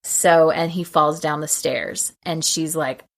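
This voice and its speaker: A woman co-hosting a podcast, retelling a film scene by scene in a casual, animated way and acting out the quotes. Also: low-pitched, slow, creaky. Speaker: podcast co-host.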